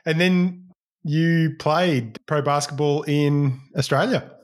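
A man's voice: fairly high pitch, steady tone, slow pace. A man hosting an interview, asking short questions with brief, encouraging remarks. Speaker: podcast host.

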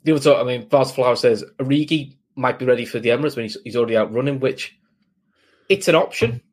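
A man's voice: medium pitch, quick pace. A man, co-hosting a football podcast in casual, blunt, opinionated chat. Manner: blunt, opinionated, talks in long runs with restarts. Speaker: podcast co-host.

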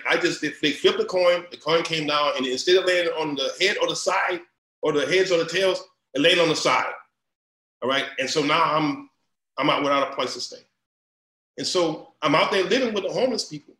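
Middle-aged man, fairly high voice, animated and repetitive, roomy echo. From Louisiana. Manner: animated, repeats himself, rising into loud storytelling. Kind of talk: casual conversation.

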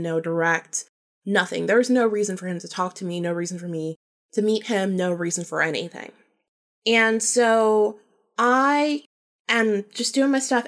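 Chatty woman telling a story. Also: medium pitch. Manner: chatty, acts out quoted dialogue with many "like"s. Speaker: podcast host. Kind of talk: casual storytelling.

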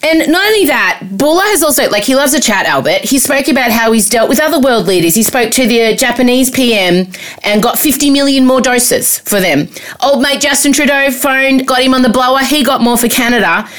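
Lively Australian woman podcast co-host. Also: high voice, a little fast. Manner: animated, sweary storytelling with mock voices. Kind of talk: casual chat.

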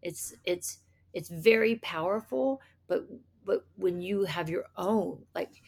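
A middle-aged woman guest in a casual interview, often halting and restarting her sentences. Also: fairly low pitch, creaky, a little mellow, breathy edge.

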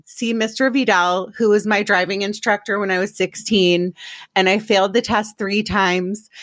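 A woman's voice: mid-range voice, a bit bright, no room sound. Chatty self-mocking woman podcast host. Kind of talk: casual self-deprecating chat.

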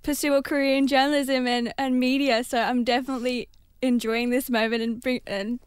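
A woman's voice: high voice, level tone, fairly quick, clean tone, dry recording, clean studio sound. A young Australian woman, a guest on a radio show, speaking eagerly and articulately. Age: young adult. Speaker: studio guest. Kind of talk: radio interview.

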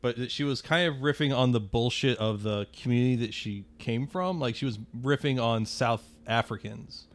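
A man's voice: mid-range voice, moderate pace, hardly any pauses. A man on a casual comedy podcast, wry and rambling, full of fillers like "like".

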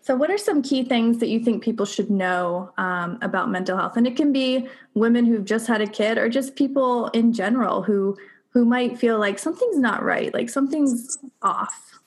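A woman's voice: a little high, moderate pace, darkish tone. A woman hosting a podcast, asking questions and affirming her guest, with many casual fillers. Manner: affirming, uses filler words like "like" and "you know". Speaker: podcast host. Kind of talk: supportive interview chat.

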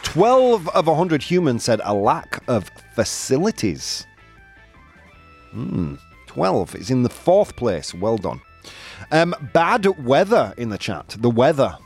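A man's voice: medium pitch, very animated, unhurried, a little mellow, soft background music. A man with a Yorkshire accent hosting a playful live-stream quiz, teasing and laughing with the chat. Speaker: host.

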